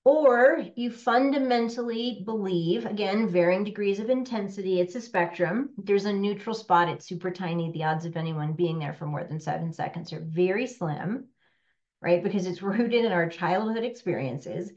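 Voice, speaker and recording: A woman business coach talking to a workshop room, animated and conversational, often checking in with "right?". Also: medium pitch, moderate pace, lo-fi sound.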